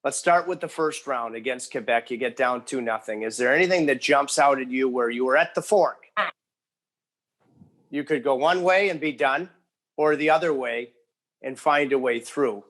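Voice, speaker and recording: A man's voice: medium pitch, normal speed, a bit bright. Casual male podcast interviewer. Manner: casual, conversational questioning. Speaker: podcast host. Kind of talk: interview questions.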